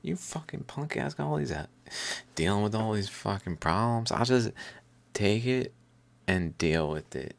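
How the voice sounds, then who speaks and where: A man's voice: fairly low pitch, expressive, a little slow, vocal fry, a little hiss or hum, voice pushed up. A swaggering young healer who boasts and scoffs with a raised, brash voice, peppering everything with curses, as a man puts him on. He is contemptuous of everyone he helps. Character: cocky swaggering young male healer, scornful.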